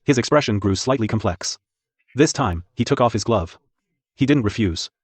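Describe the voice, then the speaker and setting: A man reads scripted narration in a measured storytelling way. His voice sits fairly low. The recording is dry and close with no room echo. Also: lively intonation, husky.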